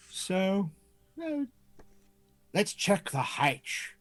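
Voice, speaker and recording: A player in a tabletop role-playing game who talks in a hesitant but lively way. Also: mid-range voice, slow, faint music behind. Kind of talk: casual tabletop play.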